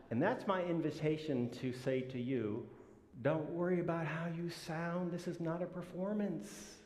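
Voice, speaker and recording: A man's voice: a little high, measured pace, a little hiss or hum. A male minister giving a sermon in a church, telling stories in a humorous, folksy way. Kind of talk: sermon with storytelling. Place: church sanctuary. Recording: echoey church hall reverb.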